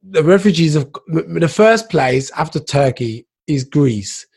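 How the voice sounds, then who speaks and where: A man's voice: a little high, animated, a little slow, a little mellow, breathy edge. A man co-hosting a casual talk show, insistently explaining his view and repeating himself to get a word in. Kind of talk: casual debate.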